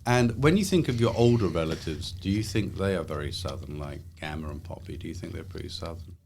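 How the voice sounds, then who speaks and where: A middle-aged man and university professor, gently prompting questions and repeating answers back in a casual studio interview. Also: sits low, animated, a little fast, creaky, a little hiss or hum. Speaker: host interviewing his young daughter.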